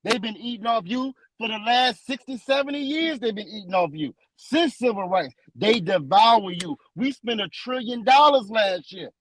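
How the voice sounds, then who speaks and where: Emphatic high-voiced man preaching. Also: animated, fairly bright tone, slight background noise, low-quality recording. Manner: emphatic and repetitive, restates lines for stress; slows down when reading verses aloud. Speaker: scripture teacher. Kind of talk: preaching-style scripture discussion.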